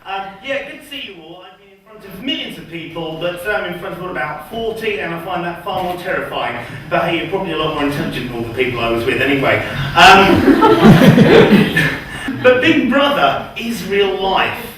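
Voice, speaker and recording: A man doing a first stand-up set in a small comedy club, nervous and hesitant with many pauses and ums. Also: sits high, big pitch swings, heavy background noise. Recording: echoey room from far off.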